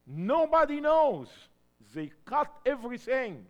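A man from Egypt preaching a sermon testimony in English, swinging between hushed lines and loud emphatic shouts. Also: extremely high pitch, very animated, slow pace, lo-fi sound.

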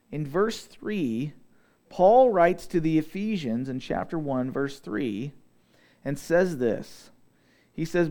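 A young adult man preaching a sermon, reading scripture aloud and slowing down to stress key words. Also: on the high side, darkish tone. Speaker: pastor.

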